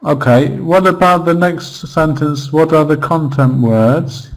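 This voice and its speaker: A man's voice: on the high side, a little slow, rough recording. A man teaching an online English grammar class, patiently repeating example phrases and checking in with questions.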